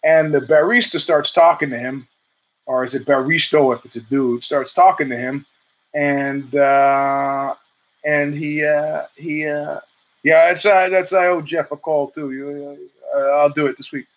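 A man hosting his own talk show in a loose, rambling monologue, with a voice pitched a little above the usual male range. He swears freely, trails off into asides, and pushes his voice higher when he acts out what other people said. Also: fairly even intonation, measured pace, rough recording. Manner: rambling, profane, with asides and restarts; acts out quotes in a raised pitch. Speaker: podcast host. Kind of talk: casual monologue.

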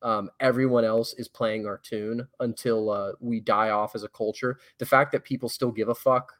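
A man's voice: medium pitch, steady tone, normal speed, fairly bright tone. Blunt, rambling man in casual chat. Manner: rambling, self-correcting, blunt with swearing. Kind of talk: casual conversation.

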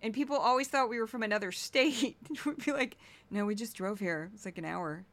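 A woman from Missouri hosting a casual, sarcastic commentary show, mocking news clips with animated asides. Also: mid-range voice, fairly quick. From Missouri, United States. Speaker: political commentary host.

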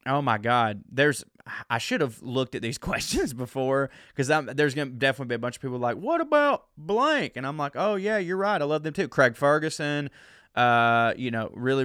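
A comedian with a drawl talks through his solo podcast, rambling, restarting sentences and poking fun at himself. His voice is smooth and clear at a middling pitch. It is recorded close up in a dead-dry room. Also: fairly bright tone, no room sound. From Southern US. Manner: rambling and self-mocking, with many fillers and restarts. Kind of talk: casual solo podcast chat.

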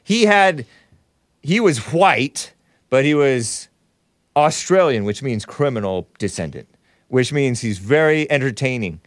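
A male talk show host chats loosely on air, wandering from point to point and correcting himself as he goes. His pitch swings widely and expressively, and the sound is close and dry with no room echo. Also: expressive, measured pace. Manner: rambling, wry asides, frequent self-corrections. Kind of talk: casual call-in show chat.

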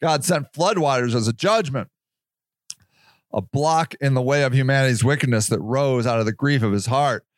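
A man's voice: mid-range voice, moderate pace, dry recording. A man hosting a solo podcast, reading passages aloud and then ranting in a sarcastic, profane, heated way. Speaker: podcast host.

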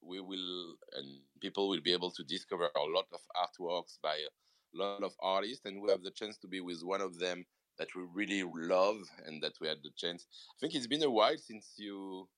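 A man's voice: sits low, moderate pace, a bit bright, dry recording, low-quality recording. A man with a French accent, a native French speaker, hosting a casual morning show with eager, repetitive talk and many fillers. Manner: enthusiastic, repeats words and fillers. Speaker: podcast host. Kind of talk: casual chat.

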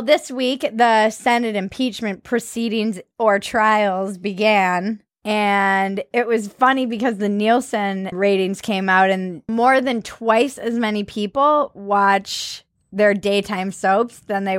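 A woman's voice: mid-range voice, no echo. Sarcastic woman hosting, dry close sound. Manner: sarcastic, quick to laugh. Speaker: podcast host. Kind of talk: casual comedic chat.

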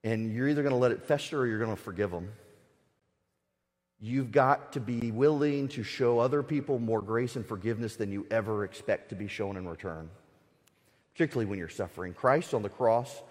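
A man's voice: medium pitch, lively intonation, a little fast, a little mellow. A middle-aged man giving an earnest faith talk at a conference, building to emphatic recitation of scripture. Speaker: conference speaker. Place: conference hall. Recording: reverberant conference hall.

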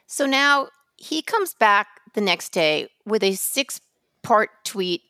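A woman co-hosting a casual podcast, telling stories in an animated, theatrical way, with swearing and acted-out asides. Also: medium pitch, slow pace, dry recording, clean studio sound. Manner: animated, theatrical storytelling with profanity. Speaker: podcast co-host.

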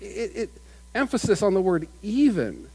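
High-voiced man preaching a sermon. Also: big pitch swings, moderate pace, gravelly, a little mellow, husky, poor audio. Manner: conversational preaching with repetitions and restarts. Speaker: pastor.

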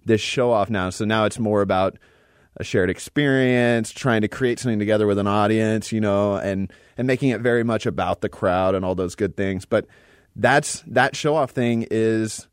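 A man talking as a podcast guest about his work as a mentalist, in an animated, quick way. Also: on the low side, smooth, no echo. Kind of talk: casual conversation.

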